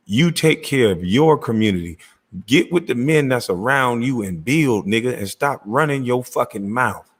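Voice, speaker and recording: Man, husky voice, lively pitch, profane reaction rant, mocking. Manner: mocking, cursing, laughing loudly. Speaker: commentary channel host.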